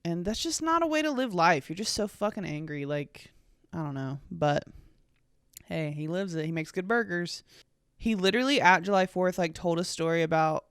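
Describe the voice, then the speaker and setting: A woman's voice: fairly low pitch, lively intonation, normal speed, clean tone, no echo, studio quality. A young woman in her twenties from the United States, hosting a casual solo podcast in a rambling, sweary, sarcastic way full of fillers. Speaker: podcast host.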